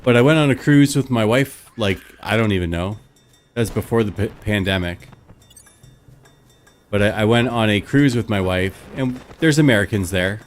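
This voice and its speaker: A man's voice: lowish voice, moderate pace, a little hiss or hum. A man, chatting casually with his live stream viewers and rambling through stories with plenty of fillers. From Canada.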